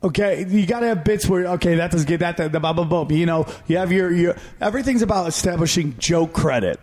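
A man's voice: high-pitched, fast, a little mellow, faint music behind. A man, a stand-up comedian, giving blunt, profanity-laden advice in a casual podcast interview.

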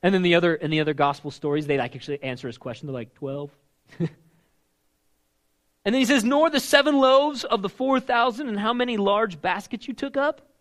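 A young man preaching a casual, conversational sermon, emphatic and swinging between loud and hushed delivery. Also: sits high, animated, brisk.

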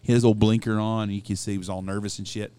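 This podcast co-host is a middle-aged man from Texas with a Texan accent, speaking in a low, warm, resonant voice that's clear and races along with little pitch movement. He chats casually, telling rambling, profane, salty stories.

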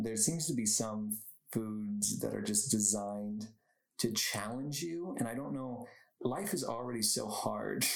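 Low, gravelly young man rambling. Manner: rambling, goes off on tangents, laughs often. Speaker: podcast host. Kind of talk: casual solo podcast chat. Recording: echoey room.

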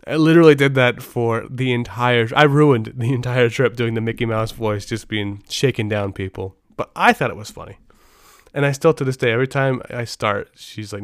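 Rambling podcast host man, smooth voice. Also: medium pitch, a little fast, no echo, studio quality. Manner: rambling, self-interrupting, frequent restarts. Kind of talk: casual podcast chat.

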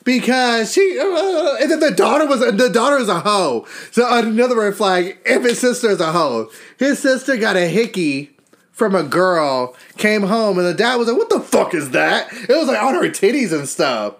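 A young man co-hosting a podcast, telling profane, animated gossip stories and mocking other people's voices. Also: sits high, moderate pace. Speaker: podcast co-host. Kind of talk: casual gossip chat.

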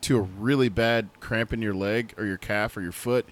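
A man's voice: fairly low pitch, normal speed. A man co-hosting a podcast, telling joking stories in casual chat, recorded on a noisy podcast mic with clicks. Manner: animated, joking storyteller. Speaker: podcast co-host.

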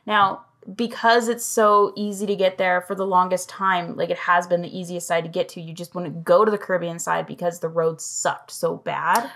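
A woman's voice: on the low side, fairly even intonation, normal speed, creaky, hardly any pauses, a bit bright. A young adult woman from the United States hosting a podcast, chatty and upbeat, reacting and asking follow-up questions in casual conversation. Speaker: podcast host.

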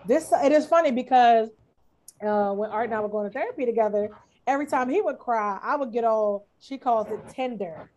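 A woman's voice: fairly high pitch, a little fast, lo-fi sound, slight background noise. Empathetic woman podcast co-host. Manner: empathetic, frank, animated. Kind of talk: casual chat.

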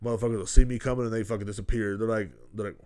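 A man in his thirties talks alone into his podcast mic in a slightly low voice. He rambles loosely and swears constantly. He keeps checking in with his listeners as he goes. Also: steady tone, rapid-fire, a little mellow, clean tone. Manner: rambling and heavily profane, with constant "you know what I'm saying". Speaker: podcast host. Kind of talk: casual solo podcast talk.

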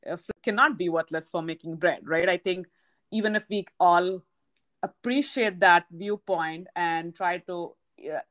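Woman podcast host, lowish voice, measured and affirming. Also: a bit bright. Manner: affirming, measured, often checks in with "right?". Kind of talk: conversational interview.

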